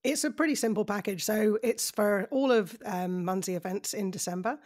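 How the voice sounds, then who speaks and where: Relaxed woman explaining events as podcast guest. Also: mid-range voice, normal speed. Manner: relaxed, matter-of-fact, says um often. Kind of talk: casual podcast chat.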